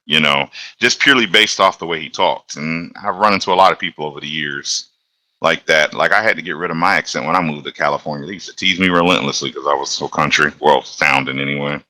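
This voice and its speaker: A man from Alabama, a locomotive engineer, chatting as a guest and telling stories in a relaxed, rambling way. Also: low voice, fast talker, no echo. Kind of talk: casual conversational storytelling.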